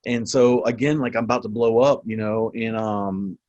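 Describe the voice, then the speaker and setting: A man in his forties, a military veteran guest, telling war stories in a casual, profane, animated way with frequent laughs. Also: lowish voice, normal speed, no room sound, lo-fi sound. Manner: profane, animated storyteller who laughs often. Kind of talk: casual storytelling interview.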